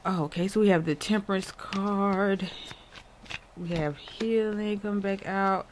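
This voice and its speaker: A tarot host giving a casual reading straight to viewers, excitable and chatty, often repeating words and laughing, and openly encouraging the audience. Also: mid-range voice, measured pace, slight background noise. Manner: addresses viewers directly and warmly encourages them. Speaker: tarot reader and channel host.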